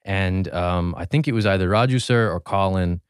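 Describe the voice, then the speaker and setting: A man in his twenties, a podcast guest, telling relaxed anecdotes full of fillers and restarts. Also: low voice, moderate pace, clean tone, no echo, clean studio sound. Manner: relaxed, anecdotal, many fillers and self-corrections. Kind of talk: casual storytelling chat.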